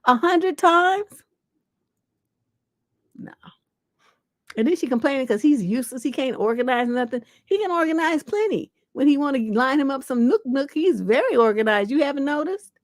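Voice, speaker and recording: A woman's voice: high voice, a little fast, no echo, clean studio sound. Blunt, profane woman relationship coach. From Northern California. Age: middle-aged. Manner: blunt, profane, animated and mocking. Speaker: relationship coach and show host. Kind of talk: livestream advice talk, reading questions aloud.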